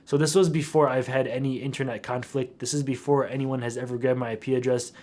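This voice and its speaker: A young man retelling a story for his vlog in an animated, slangy way. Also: medium pitch, fast talker. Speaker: YouTuber.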